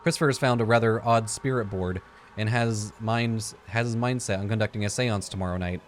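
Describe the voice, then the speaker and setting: A man's voice: on the low side, fairly quick, a little hiss or hum. A man giving casual gameplay commentary, thinking aloud, joking and swearing as he plays. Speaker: let's play gamer.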